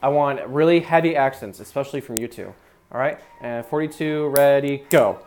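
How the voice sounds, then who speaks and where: Over loud background music, a young man speaks fairly quickly in a mid-range voice while leading a small brass ensemble through rehearsal. His talk is casual and full of fillers, and he vocalizes syllables to demonstrate articulation.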